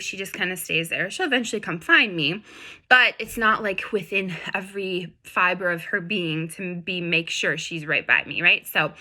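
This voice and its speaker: A woman's voice: medium pitch, sharp tone. A woman dog breeder explaining in a chatty, casual way, with lots of examples.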